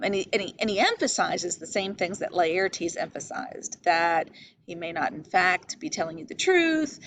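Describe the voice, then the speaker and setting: Woman lecturing with lively pitch. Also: a little hiss or hum, poor audio. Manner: explanatory, questioning, stresses key words. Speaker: literature teacher. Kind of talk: lecture on a play.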